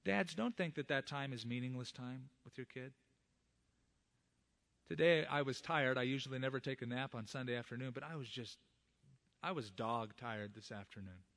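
A man's voice: mid-range voice, normal speed, a bit bright. A middle-aged man, a pastor, preaching a sermon and earnestly addressing the fathers in the congregation.

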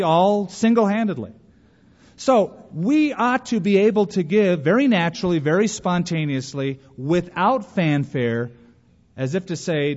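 A man's voice: fairly high pitch, darkish tone. Preaching man in a reverberant church. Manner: folksy, plays out quoted voices. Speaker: pastor. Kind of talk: sermon. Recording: dull, long church reverb.

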